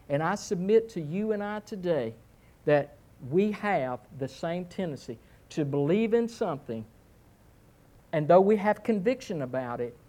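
Male pastor, sermon, lively self-mocking storyteller with big pitch swings.

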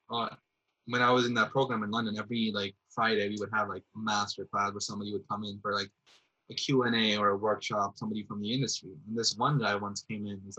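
A man's voice: fairly low pitch, bright, forceful tone, husky, lo-fi sound. A man, a theatre artist, talking reflectively as a guest, rambling thoughtfully with lots of fillers. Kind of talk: reflective casual conversation.

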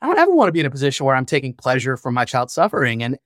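A man's voice: medium pitch, huge pitch swings, racing, a bit bright, dry recording, clean studio sound. A man speaking as a podcast guest, a founder and father who talks frankly and reflectively and swears casually. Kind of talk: candid conversational interview.

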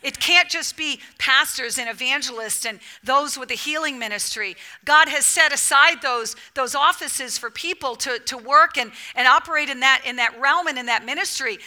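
A woman preaching a sermon to a women's gathering, animated, swinging between loud emphatic bursts and soft near-whispered lines. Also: high voice, moderate pace, hardly any pauses.

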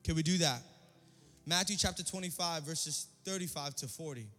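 A male pastor preaching a sermon in a church service, energetic and repetitive, calling for responses from the congregation. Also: on the high side, normal speed. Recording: long hall reverb, faint music.

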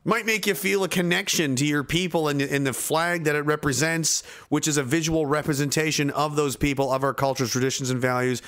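A man's voice: fairly high pitch, fairly quick, fairly bright tone. A man in his thirties from Canada, a veteran streamer giving blunt, profane, heated commentary to his live chat. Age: 30s.

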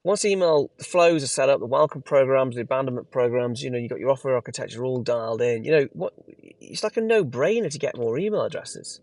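A man's voice: mid-range voice, brisk, a little mellow, no echo. Guy co-hosting a biz podcast, talks it through casual, dry close sound. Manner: explanatory, restarts phrases while thinking. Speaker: podcast co-host. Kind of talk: casual business podcast chat.

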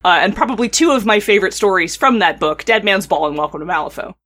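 A woman's voice: mid-range voice, fast. A woman hosting a podcast, chatting casually, laughing often and reading prose passages aloud. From northern United States. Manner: animated, laughs often, self-deprecating. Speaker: podcast host.

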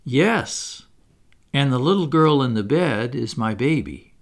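A man reading aloud voices a gentle grown woman who speaks in a faltering, apologetic way. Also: mid-range voice, animated, measured pace. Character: Wendy, gentle grown woman, guilty and tender.

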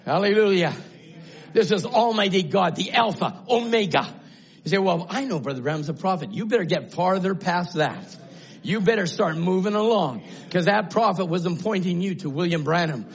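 An older man preaching a fiery sermon, shouting at times and then dropping to low murmurs. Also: moderate pace. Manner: shouting, swinging from low murmurs to high cries. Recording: dull lo-fi sound.

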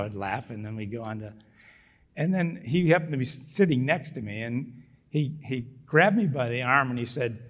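A middle-aged man, a business founder, telling his story as an interview guest with lively energy, laughing often and acting out what people said. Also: medium pitch. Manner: animated, laughs often, acts out quotes.

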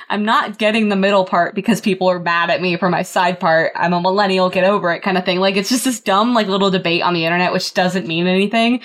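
A woman's voice: lowish voice, fairly even intonation, quick pace. A young adult woman co-hosting a casual chat podcast, talking in a chatty way full of "like" and restarts. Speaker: podcast co-host.

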